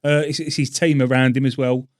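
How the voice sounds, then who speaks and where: A man's voice: medium pitch, little pitch movement, brisk, a little mellow, no room sound, clean studio sound. A man from Britain co-hosting a podcast from his home, laid-back, with short agreeing replies and wry jokes. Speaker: podcast co-host. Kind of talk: casual chat. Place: at home, indoors.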